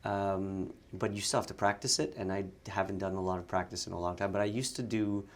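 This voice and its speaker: Low gravelly-voiced young man chatting. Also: steady tone, fast. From Montreal, Canada. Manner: chatty, laughing, many restarts. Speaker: actor and sketch comedian guest. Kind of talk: casual interview chat.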